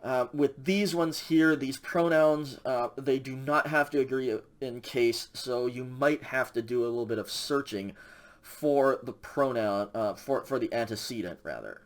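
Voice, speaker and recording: A Greek instructor with a mid-range voice delivers a recorded grammar lecture at an unhurried pace, keeping it casual with lots of fillers and frequent check-ins with the class.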